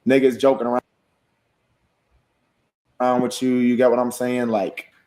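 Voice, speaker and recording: A man's voice: mid-range voice, little pitch movement, normal speed, dark tone. A man with a mid-range voice talks on a casual livestream. He sounds subdued and serious, circling back over the same point several times.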